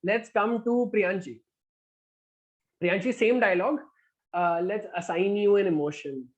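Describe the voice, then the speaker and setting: This man's voice is high and he speaks a little slowly as he runs an online group activity. Chatty and encouraging, he keeps saying "all right," and the call audio is dull and lo-fi.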